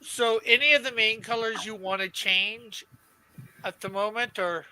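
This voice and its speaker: A man co-hosting a live stream, talking haltingly in casual chat over a video call. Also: sits high, steady tone, sharp tone, clean tone, poor audio. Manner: halting, restarts often.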